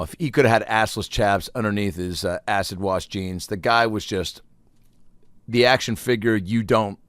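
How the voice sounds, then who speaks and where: A man's voice: deep voice, fairly bright tone, no echo, clean studio sound. A man in his thirties hosting a solo comedy podcast, telling rambling, profane stories and acting out the people in them. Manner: rambling, profane storytelling with acted-out quotes.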